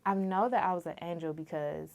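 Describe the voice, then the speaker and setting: A woman guest speaks. Her voice sits a little low for a woman. She talks in an earnest, reflective way, in a relaxed conversational flow. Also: a little fast, creaky. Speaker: guest, realtor. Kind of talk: casual conversation.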